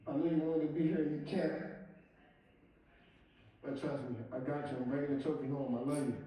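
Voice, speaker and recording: Young guy giving an emotional thank-you speech, kinda dark voice, big echoey hall from far off. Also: a little high, fairly even intonation, brisk. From southern US. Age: young adult. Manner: heartfelt, thankful, emotional address. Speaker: award winner. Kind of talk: acceptance speech.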